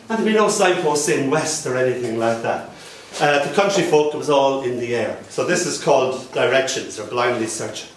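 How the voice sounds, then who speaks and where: A man with an Irish accent giving a live poetry reading, telling his poems and stories in a playful, lively way. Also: medium pitch, brisk, slight background noise. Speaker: poet. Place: live reading at a cafe venue. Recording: echoey live venue, far from the mic.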